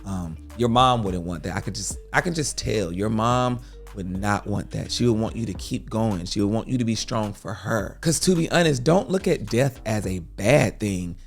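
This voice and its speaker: A man's voice: fairly low pitch, animated, normal speed, vocal fry, faint music behind. A man hosting a storytime advice show, speaking earnestly in a preachy, comforting way.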